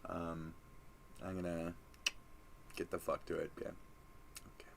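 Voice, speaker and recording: Drowsy and profane, a young man keeps yawning through a rambling goodbye to his stream viewers. He speaks a little slowly in a deep, gravelly monotone, and there is a slight hiss or hum on the recording.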